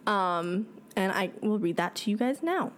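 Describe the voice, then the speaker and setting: A woman's voice: mid-range voice, animated, unhurried. A woman co-hosting a paranormal podcast, chatting casually with many "like"s and "um"s, then reading a listener's story aloud. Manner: chatty, laughs often, says "like" and "um". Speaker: podcast co-host.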